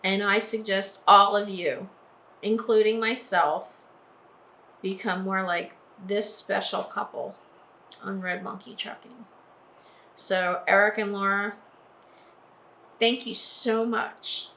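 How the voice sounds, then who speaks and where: Jersey woman vlogging, talks real slow and teary, kinda echoey room. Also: medium pitch, steady tone, pushed and bright. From New Jersey. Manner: slow, earnest, repeats phrases for emphasis. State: tearful and emotional. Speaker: trucking vlogger. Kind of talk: heartfelt vlog monologue.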